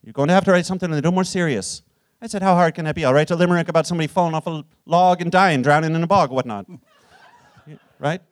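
A cheeky, grandiose Irish poet, played by a man on a live comedy stage, with an Irish accent and a slightly high voice. He boasts and jokes, then drops into heavy, ponderous declaiming. The sound is close and dry. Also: fast, no echo, close to an everyday voice. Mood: jovial, boastful. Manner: jovial boasting, ponderous solemn recitation. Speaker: guest. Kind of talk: live comedic character performance.

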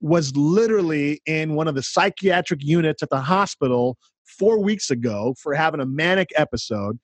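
Guy on a podcast, pretty high voice, dry close sound, gets all worked up telling his story and doing the other people's lines. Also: moderate pace, no room sound. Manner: excited, animated storyteller acting out dialogue. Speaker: podcast co-host, counselor. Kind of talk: casual chat, storytelling.

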